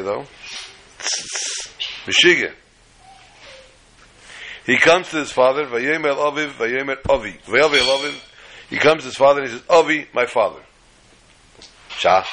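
A man teaching a Torah class, telling the story in a lively way and acting out the dialogue. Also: mid-range voice, noisy background. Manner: animated storytelling, acts out dialogue.

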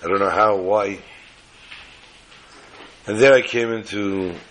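A man's voice: on the low side, steady tone, slow pace, a bit bright, slight background noise. A man voicing an emotional grown Jewish man who confides his past, spoken earnestly in his own plain register. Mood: confiding.

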